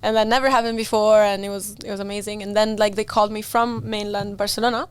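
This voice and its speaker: A woman, a racing driver telling stories on a podcast in a casual, animated way, acting out what people said. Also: medium pitch, quick pace, clear, resonant tone. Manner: animated, laughs often, acts out quoted dialogue.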